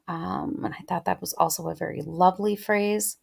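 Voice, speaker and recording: A woman's voice: on the low side, fairly even intonation, moderate pace, gravelly, few pauses, darkish tone, slightly rough. A woman teaching literature in a casual close-reading lecture, chatting and thinking aloud with many ums.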